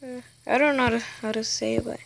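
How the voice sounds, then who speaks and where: High, gravelly-voiced female gamer. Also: quick pace, slight background noise. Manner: excitable, exclaiming and chatty. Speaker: gaming channel host. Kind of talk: gameplay commentary.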